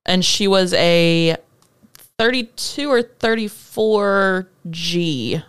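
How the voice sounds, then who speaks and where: A woman co-hosting a casual podcast, chatty and expressive. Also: lowish voice, very slow, clear, resonant tone, no echo, studio quality. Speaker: podcast co-host.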